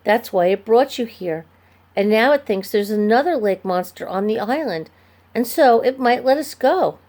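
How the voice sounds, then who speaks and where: A woman's voice: fairly high pitch, animated, normal speed, darkish tone, lightly acted. A woman voicing a plucky young girl who talks earnestly and insistently in a storybook reading. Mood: explaining.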